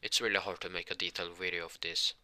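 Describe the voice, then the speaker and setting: Man, low voice, very bright forceful tone, halting filler-heavy casual fan storytelling. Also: flat delivery.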